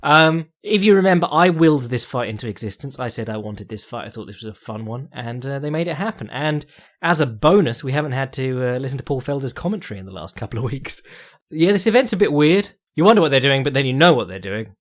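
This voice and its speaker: A man's voice: mid-range voice, animated, fast talker. A man hosting a podcast, breaking down fights in a rambling, casual way with sweary jokes and chuckles. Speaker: podcast host.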